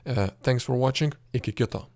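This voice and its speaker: A man with a Lithuanian accent teaching a language lesson, explaining grammar patiently with many fillers and throat clearing. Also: medium pitch, fairly quick, a little mellow, no echo.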